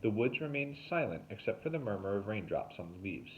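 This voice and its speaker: Teacher guy reading a novel out loud, deep-ish and animated, tinny like a phone. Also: a little fast, a little hiss or hum. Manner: expressive storytelling with lively pitch. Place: home, remote recording.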